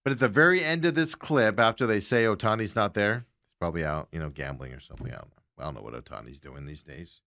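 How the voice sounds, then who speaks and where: A man's voice: fairly low pitch, quick pace, sharp tone, no room sound. A man hosting a casual sports talk show, rambling along with lots of fillers and chuckling asides.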